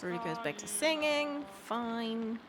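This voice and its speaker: A woman's voice: on the high side, lively intonation, a little slow, noisy background. A woman casually commenting on a game she is playing, joking and reading bits of text aloud. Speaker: game streamer. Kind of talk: casual let's play commentary.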